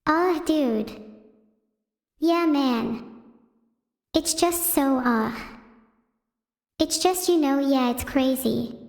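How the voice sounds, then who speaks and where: A woman's voice: sits high, very slow, pauses often, a little mellow, full character voice. Synthetic girl doing a rambling dude-bro streamer. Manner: rambling, full of "dude" fillers. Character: laid-back male streamer, rambling. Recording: roomy echo, long reverb.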